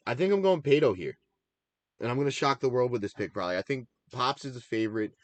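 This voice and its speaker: A man's voice: mid-range voice, expressive, moderate pace, no room sound, muffled recording. A man co-hosting a casual recap show, chatting about his picks in a rambling, enthusiastic way and drifting into tangents. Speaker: podcast co-host.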